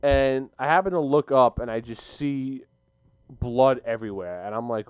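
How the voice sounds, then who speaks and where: An excitable young man with a smooth, clean voice, recorded dry and close in a home basement office. He tells his stories in an animated way on a casual sports podcast. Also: medium pitch, normal speed, no echo, highs cut off. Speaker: podcast co-host.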